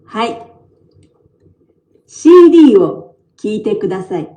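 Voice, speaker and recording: A woman playing a teacher in a scripted classroom video, giving clear instructions to students. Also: mid-range voice, very animated, fairly quick, dark tone, natural voice. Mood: instructing. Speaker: teacher in a textbook video clip.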